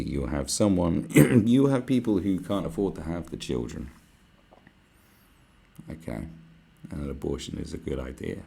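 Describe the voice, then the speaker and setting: A man hosting a podcast, delivering a profane, animated ranting monologue and mocking other people's voices. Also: sits low, creaky, breathy edge. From United Kingdom. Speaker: podcast host.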